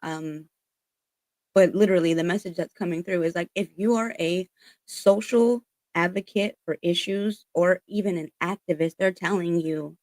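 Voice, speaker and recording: A woman's voice: fairly low pitch, moderate pace, darkish tone, dry recording. A woman giving a casual spiritual tarot reading, earnest and emphatic, swearing freely as she passes on encouraging messages. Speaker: tarot reader.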